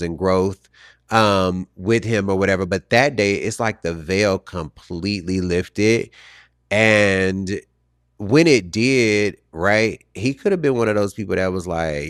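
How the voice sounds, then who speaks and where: A man with a very low voice tells a personal story on his podcast. He sounds reflective and halting, often trailing off and starting again. The sound is dry and close to the mic. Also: clear, resonant tone, dry recording. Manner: reflective, halting with restarts and fillers. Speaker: podcast host.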